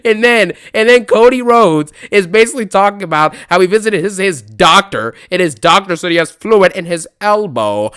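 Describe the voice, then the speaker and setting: A man's voice: high-pitched, lively intonation, moderate pace, few pauses, fairly bright tone, clear, resonant tone. A young man ranting casually about a wrestling show, mocking and laughing as he talks. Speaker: wrestling rant vlogger. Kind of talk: casual unscripted rant.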